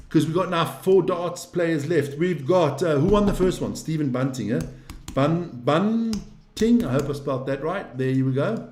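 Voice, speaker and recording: A man hosting a casual live stream, rambling, swearing freely and getting excitable. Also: fairly high pitch, roomy sound.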